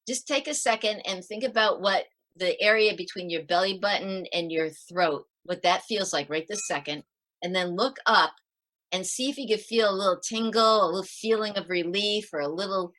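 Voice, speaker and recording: A middle-aged woman on a video call, giving parenting advice in a lively interview and acting out her tips with sighs. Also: medium pitch, normal speed. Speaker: parenting author guest. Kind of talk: animated interview talk.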